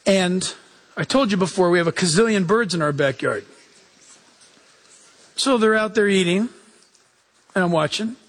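A male pastor preaching a lively sermon, acting out quoted voices and chuckling as he goes. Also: high-pitched, normal speed, long pauses.

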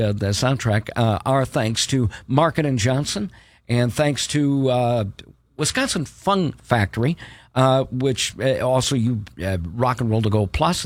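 A man's voice: mid-range voice, no room sound. A man hosting on the radio, reading community announcements with many hesitant fillers. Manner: halting, lots of uh fillers. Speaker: radio host. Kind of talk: casual on-air announcements. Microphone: studio mic.

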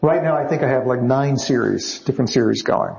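Man, novelist guest, wry anecdotes, chatty, mid pitch, dull muffled audio. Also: brisk, gravelly, darkish tone. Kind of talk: anecdotal storytelling.

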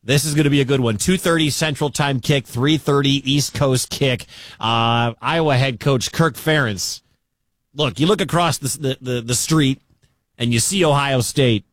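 A man's voice: medium pitch, moderate pace, dry recording, clean studio sound. A man from the American Midwest hosting a sports radio show, chatting through college football scores and coach clips. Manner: conversational, chatty asides. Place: radio studio.

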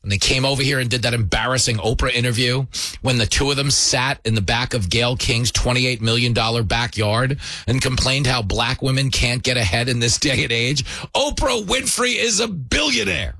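A man's voice: mid-range voice, normal speed, gravelly, bright, forceful tone, no echo. A man hosting a show, delivering a sarcastic, mocking comedy monologue.

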